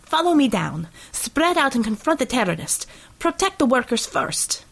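A woman reading an audiobook, voicing a fierce female hero leader who gives clipped, commanding orders in a low, gravelly, husky voice. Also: big pitch swings, a little slow, fairly bright tone, exaggerated voice. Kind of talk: audiobook character voice.

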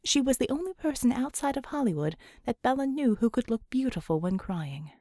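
A woman reading an audiobook, with expressive, measured storytelling narration. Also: a little high, dry recording, studio quality. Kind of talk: scripted narration.

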